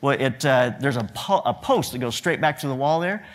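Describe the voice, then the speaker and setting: A medium-pitched, expressive man speaks at normal speed as a guest lecturer to students; a photographer and director, he tells funny stories from his photography work and plays out the quotes himself.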